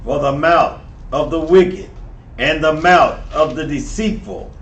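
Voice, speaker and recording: Slow male scripture reader, roomy. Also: a little high, lo-fi sound. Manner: slow, careful reading out loud with short agreements. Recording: roomy, distant mic.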